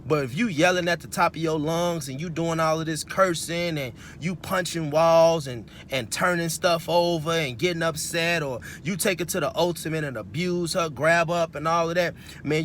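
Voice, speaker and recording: A man's voice: fairly high pitch, normal speed, a bit bright, a little hiss or hum. A young man, giving a casual, preachy monologue to his viewers, full of "you know" fillers. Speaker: host.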